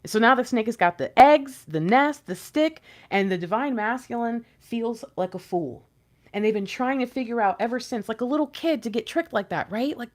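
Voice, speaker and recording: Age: adult. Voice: animated woman tarot reader. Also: a little high, moderate pace. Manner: animated, playful, drops into whispers. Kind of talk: intuitive tarot reading.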